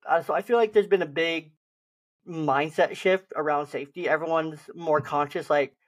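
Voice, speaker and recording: A young man co-hosting a podcast, chatting casually and acting out gentle reassuring lines to a lost child. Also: on the high side, steady tone, normal speed. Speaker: podcast host. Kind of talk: casual chat.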